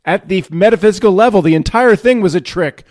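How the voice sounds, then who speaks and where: A man voicing a booming, detached spiritual higher self who speaks in a matter-of-fact way. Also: a little fast, a little mellow, no room sound, studio quality, natural voice. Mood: blunt.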